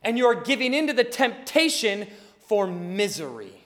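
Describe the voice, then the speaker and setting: High-voiced pastor, animated, echoing hall. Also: male voice, moderate pace. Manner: animated storytelling, acts out dialogue, laughs along. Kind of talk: sermon with storytelling. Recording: long hall reverb.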